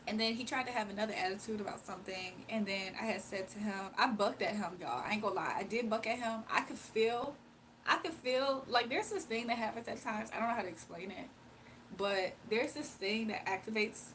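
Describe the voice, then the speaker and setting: A woman's voice: medium pitch, brisk, fairly bright tone, a little hiss or hum, rough recording. A tired young woman casually telling a rambling personal story on her livestream. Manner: rambling, slangy, confiding. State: sleepy and tired. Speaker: livestream host.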